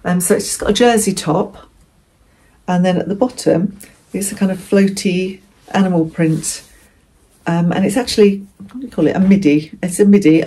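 A woman's voice: fairly low pitch, moderate pace, mellow. A chatty woman from England talking casually through a secondhand clothing haul, rambling and correcting herself as she goes. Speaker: vlogger.

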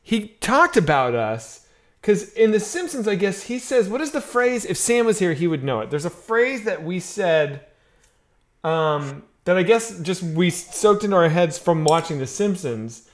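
A man co-hosting a casual comedy podcast chat, telling animated stories and swearing when he gets frustrated. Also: high voice, unhurried. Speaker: comedy troupe member, podcast co-host.

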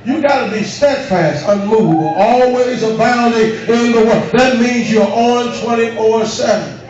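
A male pastor preaching a fervent sermon, rising into drawn-out shouts and calling on the congregation to answer. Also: extremely high pitch, crowd noise. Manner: calls on the congregation for responses. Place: church sanctuary. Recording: echoey, dull room recording from far off with background noise.

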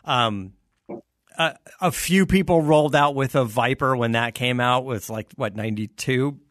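A man's voice: medium pitch, moderate pace, fairly bright tone, dry recording, studio quality. A man hosting a casual chat who also reads a sponsor ad, easygoing in manner. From South Florida. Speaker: host.

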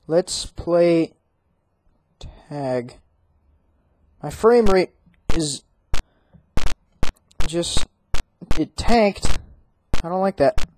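A let's play gamer giving horror game commentary, talking back to the game and reading its text aloud, jittery and quick to break into frightened yelling. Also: mid-range voice, animated, low-quality recording. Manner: reads on-screen text aloud.

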